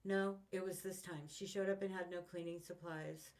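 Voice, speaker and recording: A woman's voice: fairly low pitch, fairly even intonation, normal speed, a little mellow. A woman in her fifties venting in a rambling, frustrated way, swearing often, with her mic set far away. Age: 50s. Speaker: vlogger. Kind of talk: casual venting monologue.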